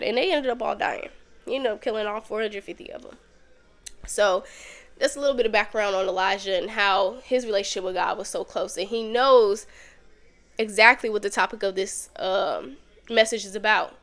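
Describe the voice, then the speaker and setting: A woman hosting a podcast, teaching a Bible lesson in a casual, conversational way with lively storytelling. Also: medium pitch, normal speed.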